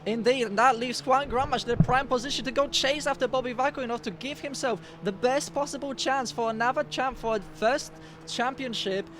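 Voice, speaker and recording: A man co-commentating a sim race live, giving steady analysis of positions and battles. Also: very high voice, a little fast, few pauses. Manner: steady analytical, opens turns with "indeed".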